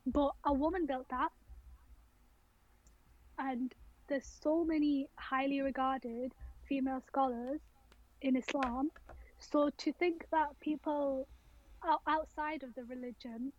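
A young woman from Rochdale, a talkative, loud and confident podcast co-host in casual chat. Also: high-pitched, dry recording, highs cut off. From Rochdale, England.

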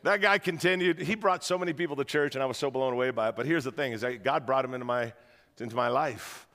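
A man preaching a sermon to a church crowd, telling stories in an animated way and rousing the audience, in a large auditorium. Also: medium pitch, fast, big-room sound. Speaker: guest pastor.

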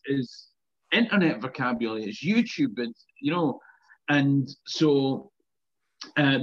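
A man's voice: a little high, a bit bright, dull audio. A Scottish man, around his fifties, telling chatty anecdotes in casual conversation, laughing and swearing now and then. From Scotland. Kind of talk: casual chat.

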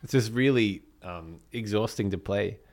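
A man's voice: on the low side, moderate pace. A man with an Australian accent, chatting casually as a podcast co-host about making music, rambling a little as he goes. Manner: rambling, relaxed, with fillers. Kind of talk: casual chat.

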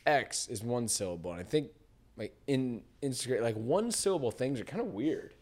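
A man's voice: mid-range voice, big pitch swings, normal speed, a little mellow. A man hosting a podcast, chatting in a rambling way, often trailing off and laughing. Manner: rambling, laughs often, says dude and I don't know. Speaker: podcast host. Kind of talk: casual chat.

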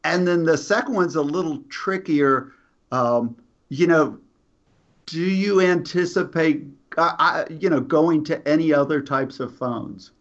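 A man's voice: a little high, a little slow, muffled recording. A man co-hosting, handing questions to a guest in a friendly, hesitant way with "um" and "uh". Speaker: co-host. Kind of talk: casual interviewing.

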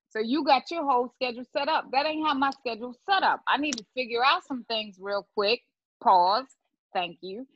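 Animated woman co-host, dry muffled sound. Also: a little high, normal speed, no echo. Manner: animated, insistent, laughs often. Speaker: podcast co-host. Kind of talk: casual podcast chat. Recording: dry, slightly dull lo-fi sound.

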